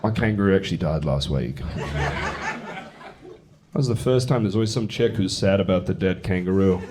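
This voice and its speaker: Brash English comedian, lively swooping delivery. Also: male voice, low-pitched, moderate pace, noisy background. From England. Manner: brash, profane, mocking crowd banter. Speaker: stand-up comedian. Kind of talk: stand-up comedy set. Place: theater stage before a live audience. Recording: live show with loud audience laughter.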